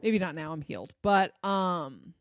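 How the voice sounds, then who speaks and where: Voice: medium pitch, measured pace, dry recording, studio quality. A relationship coach talking casually to an audience, blunt and loose, swearing freely.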